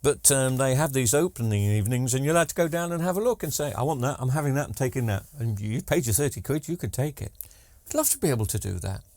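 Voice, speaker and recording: A man's voice: mid-range voice, sing-song, quick pace, few pauses, darkish tone, no echo, clean studio sound. A man, rambling casually through a TV repair vlog with joking asides and lots of ums. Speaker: TV repair vlogger. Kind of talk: casual chatty workshop vlog.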